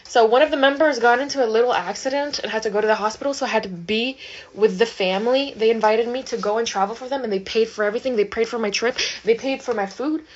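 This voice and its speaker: Woman, fairly high voice, casual rant, profane and emphatic, rambling, dull lo-fi recording. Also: fast. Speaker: manifestation vlogger. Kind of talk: casual ranting vlog.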